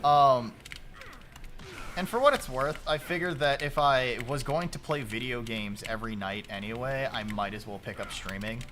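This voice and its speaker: A man in his late twenties chatting casually while streaming a game, loose and profane, shouting at the game when it goes wrong. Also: medium pitch, normal speed, a little hiss or hum. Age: late 20s.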